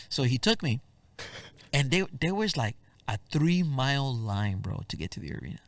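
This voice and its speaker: A man who is a singer-songwriter, a guest telling lively anecdotes in a casual interview and peppering them with "bro". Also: mid-range voice, normal speed, no room sound. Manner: animated anecdotes, keeps saying "bro". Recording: dry voice, far from the mic.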